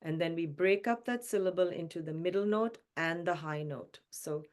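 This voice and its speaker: A woman teaches mantra pronunciation and pitch notes. She explains patiently, then chants each line slowly.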